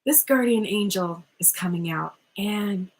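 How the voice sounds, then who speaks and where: A young woman talks through a spiritual card reading at home in a loose, rambling way. She circles back on herself with fillers and restarts, and her voice sits at a middle pitch as she speaks into a phone or webcam. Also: a little slow, rough recording. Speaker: tarot reader.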